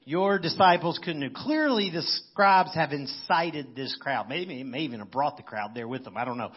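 Man, pastor, conversational sermon, husky voice, dull lo-fi sound. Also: medium pitch, expressive, moderate pace. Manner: conversational, thinking aloud.

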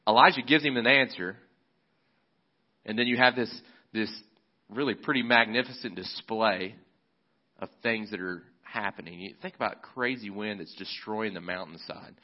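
Low-voiced pastor preaching conversationally. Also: male voice, normal speed, muffled recording. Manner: conversational, relaxed preaching with frequent restarts. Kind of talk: sermon.

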